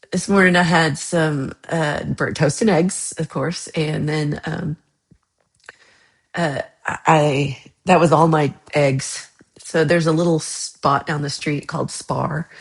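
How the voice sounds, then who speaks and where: A woman hosting a livestream chat, casually rambling about her week with frequent laughs, sounding a little under the weather. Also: deep voice. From United States. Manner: chatty, rambling, laughs often. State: slightly unwell after a bad night. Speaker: livestream host. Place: home.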